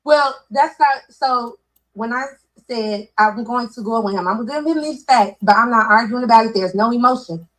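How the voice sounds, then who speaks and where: A woman's voice: on the high side, a bit bright, rough recording. A woman on a podcast panel, explaining her view earnestly at length with many restarts. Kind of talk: casual debate chat.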